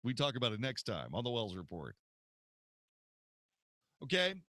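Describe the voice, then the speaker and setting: A man's voice: medium pitch, huge pitch swings, normal speed, a bit bright, no echo. A man, a radio host, recording promo spots in a studio, telling a story with theatrical delivery and retakes.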